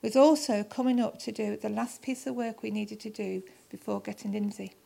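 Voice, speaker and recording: A woman's voice: medium pitch, fairly even intonation, a little fast, vocal fry, warm tone. A middle-aged woman, telling her story to a church audience and acting out both sides of each conversation.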